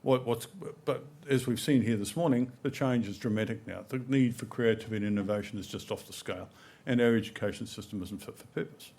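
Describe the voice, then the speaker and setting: A man's voice: fairly low pitch, brisk, gravelly, darkish tone. Chatty New man giving a talk. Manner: conversational, anecdotal, frequent "right?" and "you know". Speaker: conference speaker. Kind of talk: conference presentation. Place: conference hall.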